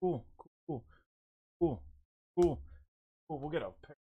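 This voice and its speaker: A man's voice: fairly high pitch, expressive, measured pace, slightly rough, narrow, tinny audio. A young man hosting a livestream, chatting casually with viewers and rambling while he paints figures, a little out of breath. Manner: rambling, talks while working, greets chat by name.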